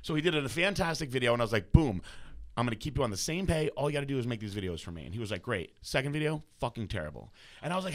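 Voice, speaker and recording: A man's voice: mid-range voice, rapid-fire. A man hosting a podcast interview, telling long stories with lots of swearing and restarts. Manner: animated, swears often, stumbles and restarts. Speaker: podcast host. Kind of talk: casual storytelling interview.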